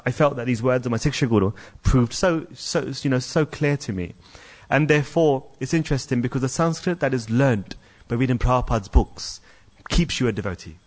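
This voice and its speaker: A man giving a scripture class, telling a story in an animated way and repeating key phrases for emphasis. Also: medium pitch. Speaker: religious lecturer.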